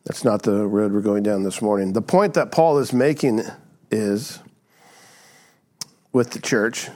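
A man's voice: medium pitch, expressive, unhurried, a little mellow. Man preaching a conversational sermon. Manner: conversational preaching, frequent rhetorical "right?". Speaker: pastor.

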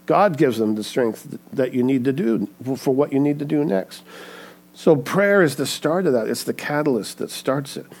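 A man's voice: mid-range voice, normal speed, darkish tone. A man preaching a sermon in an earnest way, often checking in with "right?". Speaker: pastor.

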